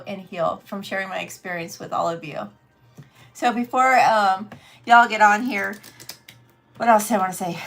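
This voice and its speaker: A woman's voice: mid-range voice, fairly bright tone. A middle-aged woman tarot reader telling a story on a casual livestream. She is chatty, laughs often, and talks straight to her viewers.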